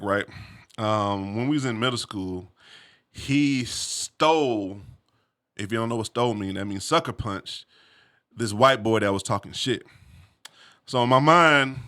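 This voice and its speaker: A man recounts a story from his own life in a loose, animated way, peppered with street slang and asides to the listener. His voice is bright and forceful, sitting at an ordinary middle pitch for a man. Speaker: vlogger telling a personal story. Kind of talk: casual storytelling.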